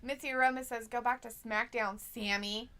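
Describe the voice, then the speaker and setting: A woman's voice: on the high side, fairly even intonation, moderate pace, fairly bright tone, clear, resonant tone. A woman co-hosting a casual live stream, reading out viewer comments, giggling often, swearing freely and joking that she will cry. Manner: giggly, swears freely, jokey mock-crying.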